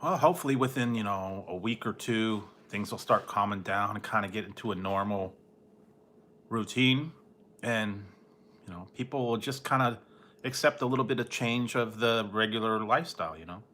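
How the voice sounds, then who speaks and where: A man hosts a casual late-night livestream, rambling and chatting, often laughing and mimicking others. His voice is on the low side and sharp in tone at a moderate pace, with a slight hiss or hum in the audio.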